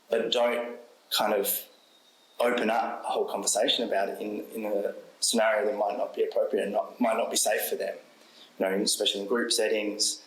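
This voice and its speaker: Low-voiced man, roomy echo. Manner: thoughtful, halting, many "you know" fillers. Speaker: mental health consultant explaining a first aid card. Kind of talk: explanatory conversational talk. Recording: echoey room.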